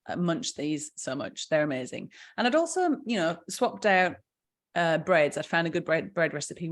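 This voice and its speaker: A middle-aged woman, chatting enthusiastically through a live session as its founder and health coach. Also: low-pitched. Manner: chatty, enthusiastic, with fillers and frequent laughs. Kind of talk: casual live presentation.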